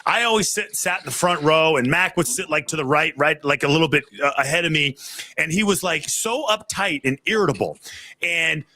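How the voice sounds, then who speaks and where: A man hosting a podcast over a video call, telling stories in a rambling, animated way. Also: fairly high pitch, a little fast. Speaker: podcast host. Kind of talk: casual storytelling chat.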